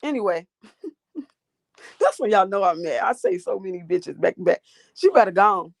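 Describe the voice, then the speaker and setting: Profane ranting livestream woman, gravelly. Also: mid-range voice, sing-song, normal speed, no room sound. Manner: profane, combative, sassy. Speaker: livestream host. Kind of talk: casual live-chat rant. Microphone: phone.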